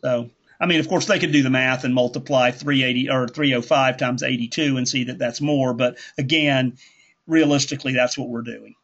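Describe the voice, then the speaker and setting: A man's voice: mid-range voice, steady tone, fairly quick, fairly bright tone. A man hosting a conversational teaching call, rambling and correcting himself as he goes. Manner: rambling, self-correcting, folksy. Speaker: instructor hosting a group call. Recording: dull lo-fi call audio.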